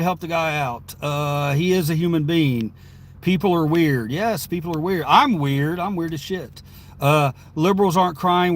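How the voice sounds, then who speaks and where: A man live streaming from inside his car, reading viewer chat aloud and answering it in a rambling, chatty way with frequent laughs. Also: on the high side.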